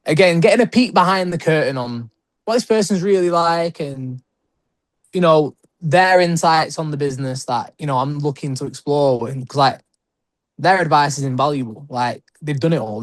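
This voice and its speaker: A young British wrestler appears as a guest in an interview, chatting casually in a mid-range voice on a dry recording. He rambles, says "like" constantly and lets out quick laughs.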